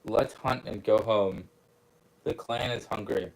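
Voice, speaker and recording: A tense young tomcat warrior from a storybook, read slowly in a low, unhurried voice, as a man reads him. Little acting goes into it; the lines come out plain and steady, close to the reader's own voice. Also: rough recording. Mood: weary.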